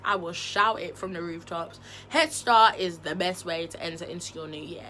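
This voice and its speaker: A woman vlogging at home in a loose, candid chat. She talks frankly and expressively, in a fairly low voice, with faint noise behind her. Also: normal speed, pushed and bright. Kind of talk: candid casual chat to camera.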